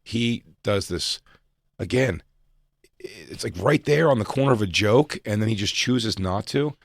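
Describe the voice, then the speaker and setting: A lower-voiced man co-hosting a comedy podcast, recorded dry and close. He talks in an animated way, jumps into loud, high-pitched impressions when quoting people, and swears freely. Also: a little slow, gravelly, no echo. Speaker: podcast co-host. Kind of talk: casual comedy podcast chat.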